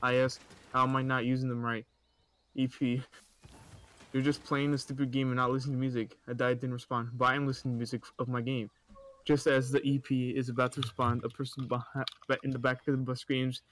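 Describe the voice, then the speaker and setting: A man's voice: medium pitch, flat delivery, a little fast, a bit bright. A young man casually reading stories aloud, stumbling over words and often breaking into laughter and mocking asides.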